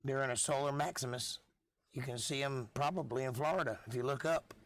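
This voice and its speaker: A hoarse man hosting a live stream, chatting in a rambling, offhand and jokey way, with the odd cough. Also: medium pitch, brisk, fairly bright tone, no room sound. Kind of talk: casual rambling chat.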